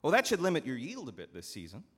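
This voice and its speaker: A man voicing a scheming steward with hurried, eager salesman patter, in a long church reverb. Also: medium pitch, huge pitch swings, fairly bright tone, husky, voice pushed up, exaggerated voice. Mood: smooth-talking. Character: slick scheming male steward, fast-talking.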